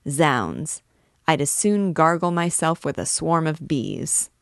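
A woman's voice: deep voice, animated, takes it slowly, creaky, no echo, clean studio sound, exaggerated voice. A woman reading aloud, voicing a brash, drunken young male student who boasts and swaggers. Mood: boisterous. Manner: boisterous, swaggering speech.

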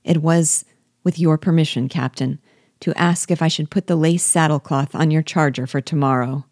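A woman voicing an old male sergeant who is loyal, emotional and humble, speaking slowly and falteringly. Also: sits low, steady tone, a little mellow, no echo, studio quality.

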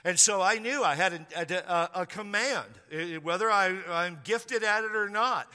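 Bright-voiced joking middle-aged preacher. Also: male voice, high-pitched, normal speed, clear, resonant tone, long reverb tail. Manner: chatty, joking asides, many restarts. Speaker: pastor. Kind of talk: sermon with personal storytelling.

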